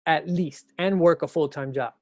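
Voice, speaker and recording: A middle-aged man from New York chats as a podcast guest, telling lively, slangy stories. His voice sits a little high. The sound is dry and close. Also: moderate pace, no room sound. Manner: animated storyteller, slangy, mimics people in high voices. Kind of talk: casual chat.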